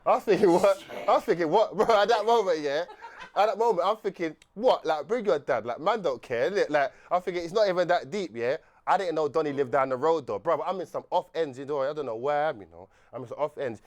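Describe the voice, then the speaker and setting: A young man telling a rambling, animated story on a podcast, laughing often and restarting his sentences. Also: a little high, quick pace. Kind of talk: casual storytelling chat.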